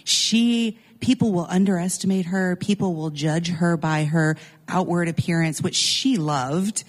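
Woman guest on a radio interview, kinda low voice, emphatic, really into it. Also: measured pace.

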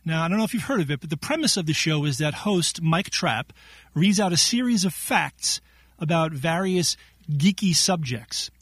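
A man's voice: a little high, moderate pace, breathy edge, no room sound. A man running a playful word quiz, joking and laughing often as he reads the questions. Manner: jokey, laughs often, animated delivery. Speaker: quiz segment contributor.

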